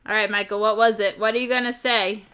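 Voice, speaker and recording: A woman's voice: mid-range voice, fairly even intonation, fast talker, pushed and bright, clean tone. A woman hosting a live stream, chatting casually with viewers, giggling often and stumbling over words. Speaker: livestream host.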